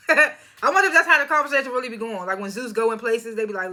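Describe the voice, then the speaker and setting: Her voice is fairly high, fast and sharp as this reality show reviewer gives a casual, chatty recap. She laughs a lot and imitates the cast.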